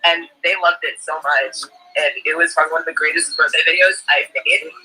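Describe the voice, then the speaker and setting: A young woman, a guest in a casual chat, talking in an excitable, gushing way. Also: sits low, a little fast, husky, poor audio. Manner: excitable, gushing, many "like" fillers.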